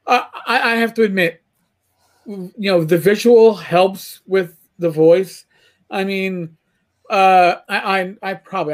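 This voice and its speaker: A man from New York City in casual podcast chat, often stammering and repeating words as he starts sentences. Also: sits high. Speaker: podcast panelist.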